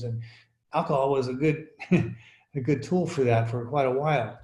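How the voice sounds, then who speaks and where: A man's voice: mid-range voice, mellow. Reflective man, echoey call audio. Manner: halting, reflective, many "you know" fillers. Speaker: recovery meeting speaker. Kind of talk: personal sharing at an online recovery meeting.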